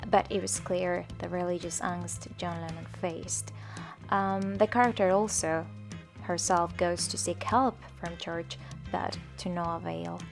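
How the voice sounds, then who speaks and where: A woman's voice: lowish voice, steady tone, a little slow, gravelly, faint music behind. A woman hosting her own channel, casually reading and analyzing poems in a chatty way with fillers and frequent laughs. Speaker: channel host.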